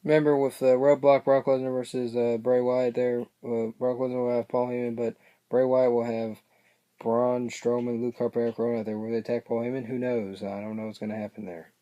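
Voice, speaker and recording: A man's voice: mid-range voice, flat delivery, a little fast, dark tone, dull audio. A man casually recapping a show, rambling and hesitant, often losing his place mid-sentence. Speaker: wrestling reaction vlogger.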